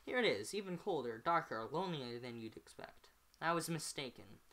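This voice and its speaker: A woman's voice: sits low, lively intonation, normal speed, a bit bright. A woman reading a novel aloud at home, often stumbling and correcting herself on words. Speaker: amateur reader.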